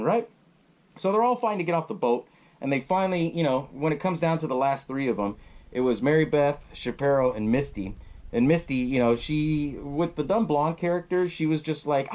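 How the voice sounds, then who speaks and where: A man hosting a podcast, recapping a film in a casual, profane, animated way and laughing often. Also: on the high side, brisk. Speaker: podcast host.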